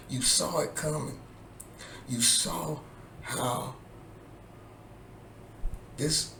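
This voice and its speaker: A man vents in a slow, deliberate drawl, his voice gravelly and full of fry as he swears and repeats his points. The room is echoey, with a faint hum of ambience underneath. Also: medium pitch, fairly bright tone. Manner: profane, heated, repetitive. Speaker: vlogger. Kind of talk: angry political rant to camera.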